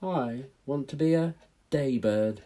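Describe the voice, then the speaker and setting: A man voicing a small, always hungry baby barn owl in a high, eager, childlike voice. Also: slow, warm tone, close to an everyday voice.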